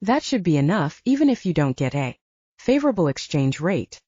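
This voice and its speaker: A woman's voice: fairly low pitch, very animated, moderate pace, mellow, slightly rough, dry recording, lo-fi sound. A woman voicing a wry, shrewd young male hero in a storybook reading.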